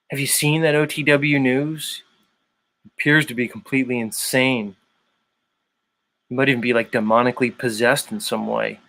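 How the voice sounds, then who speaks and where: A man's voice: medium pitch, bright, forceful tone. A man hosting his own online show, chatting loosely and rambling with lots of fillers. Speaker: show host. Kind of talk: casual livestream chat.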